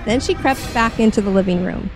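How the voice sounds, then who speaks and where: A woman's voice: mid-range voice, over music. Woman reading a horror tale. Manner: measured, expressive storytelling. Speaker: story reader. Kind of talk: dramatic horror story reading.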